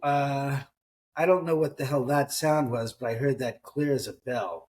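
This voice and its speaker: A man's voice: medium pitch, a little slow, darkish tone. A middle-aged man, an author, telling ghost stories in a casual interview, acting out quoted voices and swearing now and then. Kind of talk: conversational storytelling in an interview.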